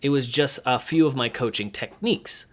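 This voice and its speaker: Young male coach, casual and animated, acts out lines, mid-pitched voice. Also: moderate pace. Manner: animated, acts out quoted lines, frequent laughs. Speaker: gymnastics coach.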